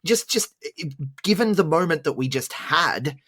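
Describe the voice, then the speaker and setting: A man co-hosting a wrestling podcast in a casual chat, easygoing and quick to agree and laugh. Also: fairly high pitch, lively intonation, fairly bright tone, breathy edge.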